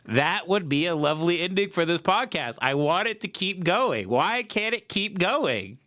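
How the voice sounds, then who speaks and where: A man's voice: sits high, very animated, normal speed, hardly any pauses, bright, forceful tone. A man hosting a comedy podcast, riffing in a rambling, profane monologue with restarts, on a sensitive mic with no windscreen. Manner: rambling, profane, with self-interrupting restarts and laughs. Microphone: sensitive mic without windscreen.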